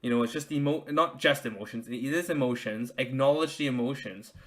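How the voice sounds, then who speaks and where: A man's voice: medium pitch, a little fast, a bit bright. A man hosting a podcast, talking casually as a new father, rambling with many fillers and restarts.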